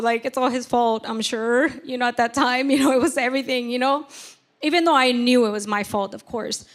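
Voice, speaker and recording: A woman giving a personal testimony at church, speaking candidly and emotionally, halting often with fillers. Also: high voice.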